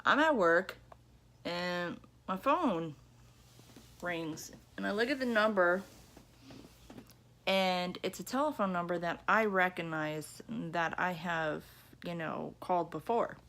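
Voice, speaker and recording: A woman's voice: fairly low pitch, slow pace, long pauses, fairly bright tone, a little hiss or hum. Chatty woman telling an indignant story. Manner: chatty, checks in with listeners by repeating "okay?" and "you know"; indignant, emphatic retelling. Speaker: vlogger. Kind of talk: casual storytelling to camera. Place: at home in her apartment.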